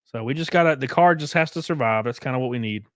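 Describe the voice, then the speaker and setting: A man's voice: medium pitch, fast talker, fairly bright tone, no echo, clean studio sound. A young man chatting casually on a live stream, thanking viewers for donations in a loose, rambling way. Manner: loose, chatty, mumbles and hums while reading.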